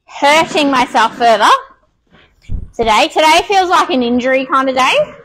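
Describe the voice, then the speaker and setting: A woman's voice: high voice, normal speed, a bit bright, rough recording. A woman with an Australian accent, out of breath, chatting casually with many ums while restoring furniture on a live stream.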